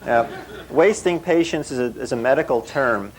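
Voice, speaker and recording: A man's voice: mid-range voice, normal speed, crowd noise, rough recording. A male psychotherapist recounting a clinical case as a story and acting out the dialogue.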